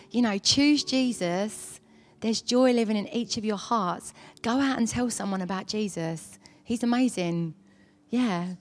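A woman giving a chatty, earnest personal testimony in church, with many fillers. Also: medium pitch. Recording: long hall reverb.

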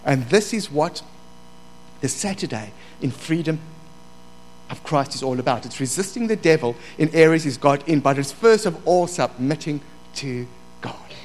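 Middle-aged guy preaching, kinda high voice, gets loud and fired up, little hum in the back. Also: expressive, moderate pace, poor audio. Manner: rises from quiet asides to loud fervent preaching. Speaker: pastor. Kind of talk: sermon. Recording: faint mains hum.

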